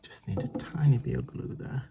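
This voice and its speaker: A man's voice: mid-range voice, steady tone, a little fast, creaky, music in the background. A man hosting a casual crafting tutorial, chatty and self-deprecating as he talks while he works. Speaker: crafting channel host.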